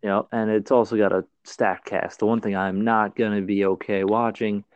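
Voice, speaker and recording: A man's voice: on the low side, flat delivery, normal speed, no room sound, dull audio. A man co-hosting a casual movie chat, with wry, sarcastic asides. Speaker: podcast co-host.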